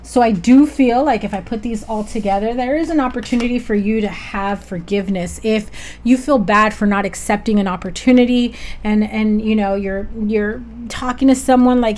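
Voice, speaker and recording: A woman's voice: mid-range voice, steady tone, moderate pace, a little mellow. A woman giving a casual tarot reading to viewers, chatty and upbeat, often checking in with "okay?". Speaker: tarot reader.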